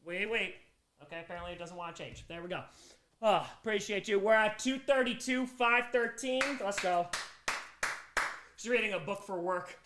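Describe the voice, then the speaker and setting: On a live charity stream, a tired man who has been up all day reads donations aloud, thanking each giver and drifting between excitement and sleepy mumbling. His high voice moves at a moderate pace, and the recording is reverberant with a noisy background.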